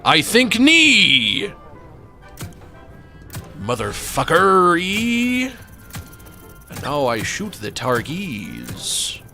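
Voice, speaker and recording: A man's voice: fairly high pitch, huge pitch swings, drawn-out words, long pauses, bright, forceful tone, pitched above the performer's own voice, heavily acted. A goofy mock pirate, put on by a man playing a game. He drags every word out in an overdone accent just to be silly. Game music plays behind him.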